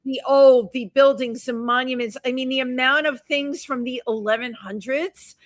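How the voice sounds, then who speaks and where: A woman's voice: sits high, fairly even intonation, normal speed, no room sound. A woman co-hosting a talk show, telling a travel story in a chatty, laughing way. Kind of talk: casual chat.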